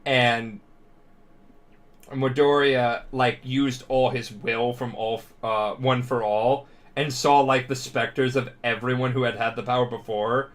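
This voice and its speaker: A drunk young man rambling through a profane, animated retelling as a podcast co-host. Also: mid-range voice, measured pace.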